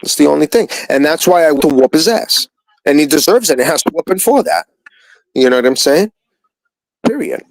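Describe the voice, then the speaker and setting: Profane, ranting man on a stream call, animated swings, dry close sound. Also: fairly high pitch, a little fast, gravelly, no room sound, rough recording. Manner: profane, ranting, repeats himself. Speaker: stream participant. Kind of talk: heated live-stream chat.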